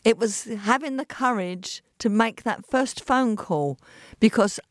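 A woman with an East London accent, a guest telling lively stories in a podcast interview and acting out the voices of the people in them. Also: a little high, unhurried, no echo, clean studio sound. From England. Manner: animated storyteller acting out quoted voices.

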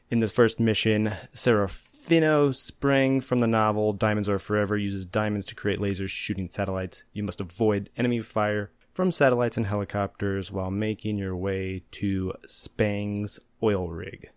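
A man's voice: on the low side, steady tone, unhurried, clear, resonant tone, no echo. A young man co-hosting a casual podcast, easygoing and chuckling as he explains things. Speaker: podcast co-host. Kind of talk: casual podcast chat and reading info.

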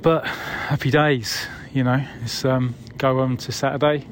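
A man of middle pitch talks through a casual voicemail in a loose, conversational way. He swears mildly and sounds wry. A faint hum sits behind his voice. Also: level tone, unhurried. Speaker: caller leaving a voicemail.

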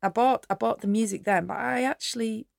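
A woman's voice: a little high, fairly quick, vocal fry, no room sound, clean studio sound. A woman with a Yorkshire accent, a podcast guest telling chatty, self-mocking stories. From Yorkshire, England. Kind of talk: casual interview chat.

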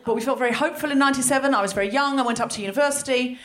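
A woman's voice: high voice, rapid-fire. An Australian woman of about forty doing a stand-up comedy set on a live stage, telling a story with animation and acting out the people she quotes. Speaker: comedian and host. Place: live venue before an audience.

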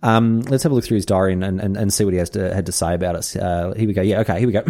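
A man's voice: low-pitched, very fast, few pauses, warm tone. An Australian man hosting a history podcast, telling the story in a casual, jokey, slangy way. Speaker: podcast host.

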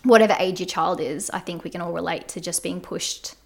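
A woman's voice: fairly low pitch, brisk, vocal fry. A woman guest on a podcast, telling a personal story in an earnest, reflective way. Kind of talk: candid conversational storytelling.

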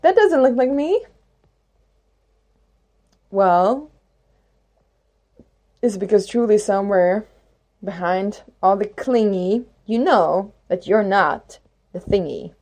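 A woman's voice: medium pitch, takes it slowly, dark tone. A woman hosting a spiritual talk in a rambling, reflective monologue with playful rhymes and many fillers. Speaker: spiritual podcast host.

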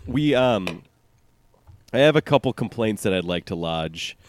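A man's voice: fairly low pitch, expressive, a little slow, a little hiss or hum. A man co-hosting a casual podcast, riffing dryly and teasing his friends. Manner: dry, teasing, riffs on others' stories. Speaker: podcast co-host.

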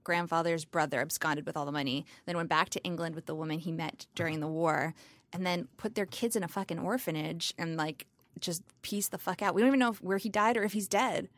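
A woman from Canada chatting casually on a podcast, jokey, with quick asides. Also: lowish voice, no echo. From Cambridge, Ontario, Canada. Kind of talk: casual chat.

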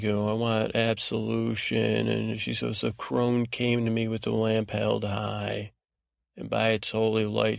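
A man hosting a sleep podcast, recapping a TV episode in a meandering, low-key way full of fillers. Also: gravelly, dry recording, studio quality. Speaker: podcast host. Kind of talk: rambling bedtime recap.

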